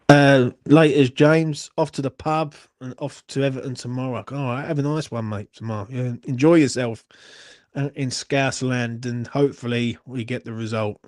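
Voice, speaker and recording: Lad on a phone stream, sweary self-mocking banter, dry close sound, middling pitch. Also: male voice, steady tone, normal speed, a little mellow, no room sound. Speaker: watchalong host. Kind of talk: casual live-stream chat.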